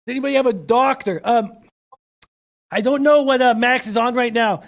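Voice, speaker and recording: A man hosting a casual sports betting show, hoarse and losing his voice, loose and joking. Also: very high voice, normal speed.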